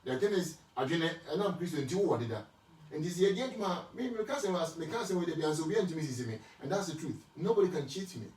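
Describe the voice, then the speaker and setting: A man with a Ghanaian accent and a fairly high voice talks casually about faith and marriage. He moves between Twi and English, restarting and repeating words as he goes. He is set back from the mic in a roomy, echoing space. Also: expressive, fast, a little mellow. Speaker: speaker answering marriage questions. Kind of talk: casual Christian teaching talk. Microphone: distant from the mic. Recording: echoey room, speaker far from the mic.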